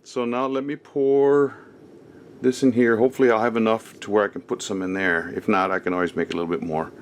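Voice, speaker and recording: The host of a craft channel chats and rambles through a casual how-to as he works, with plenty of ums and uhs. His voice is lowish and steady, a little fast, and his distance from the camera mic shifts as he moves. There is a bit of hiss or hum.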